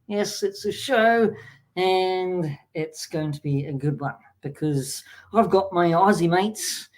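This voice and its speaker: Slow, rambling New host. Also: male voice, sits high. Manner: rambling, jokey, self-correcting. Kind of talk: casual online chat show.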